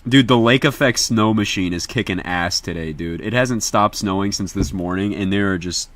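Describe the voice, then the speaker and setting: A young man from Indiana, chatting casually to viewers on a livestream in an excitable, slangy, profane way. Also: lowish voice, normal speed, dry recording.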